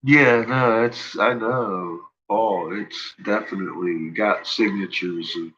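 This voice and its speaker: A man with a low voice talks in a loose, rambling way on his livestream, swearing freely and breaking into laughter. The audio is muffled and lo-fi. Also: slow pace, hardly any pauses, pushed and bright. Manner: profane, laughs often, ranting. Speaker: livestream host. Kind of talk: casual rambling livestream talk.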